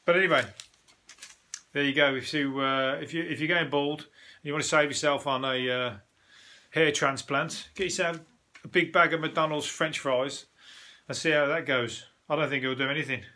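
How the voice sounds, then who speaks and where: A comedian riffs on the week's news in a loose, casual monologue. His voice sits a little high and sounds bright and forward. He swears freely, trails off and corrects himself mid-sentence. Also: steady tone, normal speed. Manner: rambling, swearing, frequent restarts and self-corrections. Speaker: comedian hosting a news review show.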